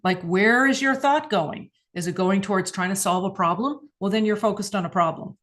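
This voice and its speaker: A woman's voice: medium pitch, moderate pace. A woman hosting a spiritual mindset show, teaching in a casual, earnest way, acting out questions and laughing now and then. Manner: earnest, animated, laughs often, acts out questions.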